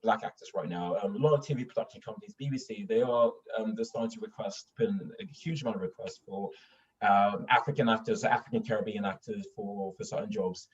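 Husky well-spoken English man, rambling. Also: lowish voice, a little fast. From northern England. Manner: rambling, many fillers and restarts. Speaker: voice actor. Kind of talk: casual interview storytelling. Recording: dull distant mic.

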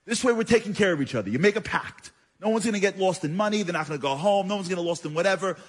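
Man, fairly high husky voice, chatty storyteller who keeps turning to the listeners. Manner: chatty, addresses listeners directly; animated, with quick asides and repeated phrases. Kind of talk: conversational religious storytelling.

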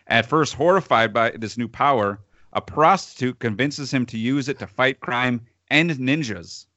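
A man's voice: medium pitch, moderate pace, pushed and bright, dry recording, highs cut off. A man in casual chat, co-hosting and reviewing films, sardonic and often laughing between phrases. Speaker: podcast co-host reviewing films.

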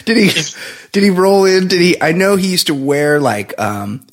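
A man's voice: high voice, very animated, normal speed. A man co-hosting a podcast, rambling through casual chat and laughing often. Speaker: podcast co-host.

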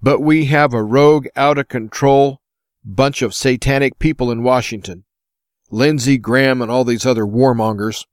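A man's voice: mid-range voice, fairly even intonation, moderate pace, dry recording, studio quality. An American man hosting his own show, delivering an impassioned opinion monologue full of rhetorical questions. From United States. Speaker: host.

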